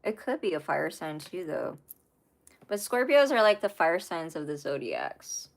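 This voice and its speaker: Casting: young woman, tarot reader, rambling and chatty, low-set voice. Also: very animated, a little slow. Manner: rambling, chatty, many fillers and asides. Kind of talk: casual tarot reading monologue.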